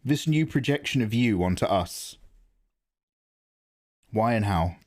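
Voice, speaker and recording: Chatty male art streamer, relaxed home-stream talk, animated pitch. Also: slow. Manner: chatty, chats with viewers in the chat. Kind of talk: casual chat while drawing on a livestream.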